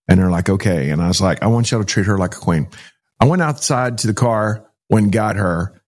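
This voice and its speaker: A man's voice: fairly low pitch, brisk. A middle-aged man, a pastor, telling a personal story in an interview, acting out the dialogue and using "like" often. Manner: animated storytelling, acting out dialogue with many "like" fillers.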